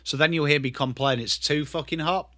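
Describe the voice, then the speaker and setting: A man's voice: fairly high pitch, fairly even intonation, fairly quick, pushed and bright, no room sound, studio quality. An English man in his thirties, host of a casual live stream, chatting loosely and swearing as he answers viewers. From England. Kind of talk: casual live watchalong chat.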